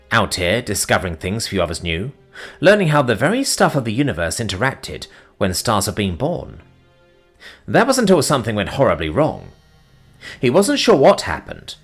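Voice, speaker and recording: A man narrating a science fiction story in a dramatic, expressive manner. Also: medium pitch, husky.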